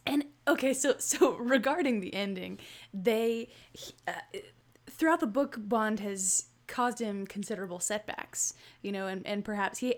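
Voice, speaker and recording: A woman co-hosting a podcast, reading a book synopsis with flair and chatting about the plot, laughing easily. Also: mid-range voice. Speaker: podcast co-host. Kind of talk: casual book discussion.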